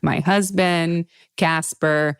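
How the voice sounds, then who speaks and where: A woman hosting a podcast in casual chat, talkative and laughing often with quick asides. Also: low-pitched, fairly even intonation, clear, resonant tone, no room sound, studio quality. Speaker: podcast host.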